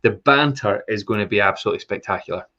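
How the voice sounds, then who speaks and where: A man co-hosting a podcast, telling a story in an excitable, enthusiastic casual chat over a remote call. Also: lowish voice, fast, lo-fi sound. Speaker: podcast co-host.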